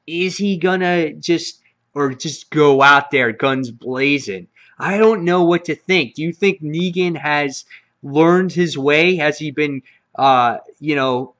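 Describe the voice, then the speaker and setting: A man's voice: on the high side, a bit bright, dull audio. A man hosting his own comic book review channel, talking casually with lots of fillers and restarts. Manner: rambling with frequent fillers and restarts.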